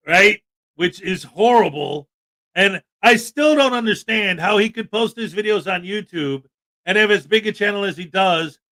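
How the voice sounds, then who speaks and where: Indignant high-voiced male streamer ranting. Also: sharp tone. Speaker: livestream host. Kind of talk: livestream commentary.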